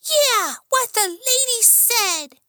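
A woman voicing a small, grumpy, protective male talking dog in an audiobook, with a squeaky, drawling way of throwing out wisecracks. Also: animated, slow, pushed and bright, dry recording, clean studio sound, exaggerated voice. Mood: sassy. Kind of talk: audiobook character voice.

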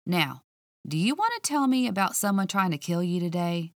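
A woman voicing a calm, teasing male police officer who speaks in a measured drawl. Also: fairly low pitch, no room sound, clean studio sound.

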